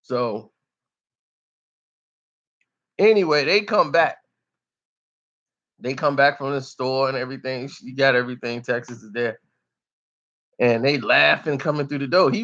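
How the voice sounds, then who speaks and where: A man's voice: mid-range voice, unhurried, long pauses, fairly bright tone, highs cut off. A man telling a story in casual street slang, loose and chatty, often tossing in "you know".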